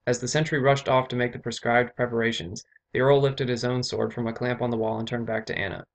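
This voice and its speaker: A man reading aloud from his own novel, steady with occasional self-corrections. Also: mid-range voice, quick pace, few pauses.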